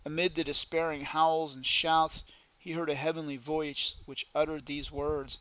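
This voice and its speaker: A man giving a solemn, deliberate devotional reading aloud. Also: fairly high pitch, flat delivery, a bit bright, slight background noise, low-quality recording. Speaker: reader.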